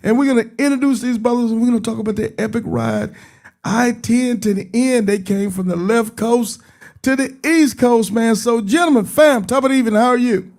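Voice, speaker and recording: A man's voice: very high-pitched, fairly quick, creaky, darkish tone. A middle-aged man hosting a casual podcast, upbeat and tossing "man" into nearly every sentence. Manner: upbeat, peppers talk with "man". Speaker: podcast host.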